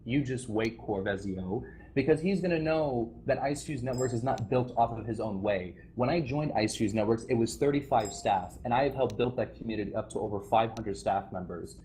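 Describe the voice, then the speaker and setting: A man speaks into a voice-chat microphone, delivering an aggrieved, rambling speech to a community of players. His pitch sits in an ordinary middle range, and he stumbles through restarts and nervous laughs. A faint hiss runs under the voice. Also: normal speed, mellow. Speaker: former game server staff member addressing players.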